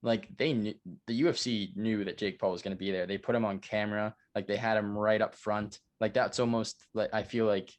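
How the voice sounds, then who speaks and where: A young man with a somewhat low voice chats about sports with a co-host. He talks in a halting way with many fillers, and he agrees readily. It sounds like a relaxed podcast. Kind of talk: casual sports chat.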